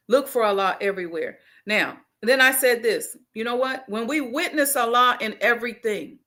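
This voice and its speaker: A woman's voice: on the high side, moderate pace, few pauses, bright, forceful tone. A middle-aged woman giving an emphatic motivational sermon at a Ramadan gathering, repeating her key lines and talking to the crowd like family. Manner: emphatic, repeats key phrases, folksy call-and-response. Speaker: speaker leading a Ramadan gathering.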